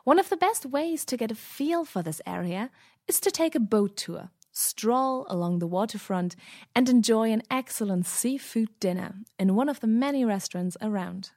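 A woman's voice: fairly high pitch, lively intonation, moderate pace, darkish tone, no echo, clean studio sound. A woman, the show's cultural correspondent, reading a cheerful scripted travel segment in a language lesson.

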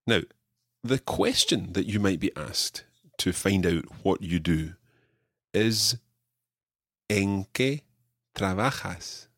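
A man teaching a podcast language lesson, drilling his learner with clear repeated phrases. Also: low-pitched, sing-song, slow pace, pauses often, dry recording, clean studio sound.

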